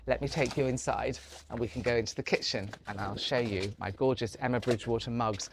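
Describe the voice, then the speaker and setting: A man's voice: mid-range voice, steady tone, brisk, vocal fry, slight background noise. A man chatting casually to camera as a lifestyle vlogger, effusive and chatty, in the kitchen of an old house.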